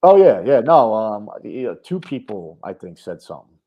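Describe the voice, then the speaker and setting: A man's voice: on the low side, big pitch swings, normal speed, highs cut off. A man with a New York accent, co-hosting a casual podcast chat, swearing freely and leaning on "you know". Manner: laid-back, swearing, lots of "you know". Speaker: podcast co-host.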